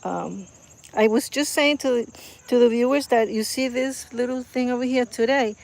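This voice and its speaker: Woman, casual vlog, gushing, lots of fillers, higher pitch, outdoors, insects in background. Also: moderate pace, a little mellow. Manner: chatty, rambling, lots of fillers and restarts; admiring and gushing. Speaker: gardener showing her garden. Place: outdoor garden. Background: crickets and insects outdoors.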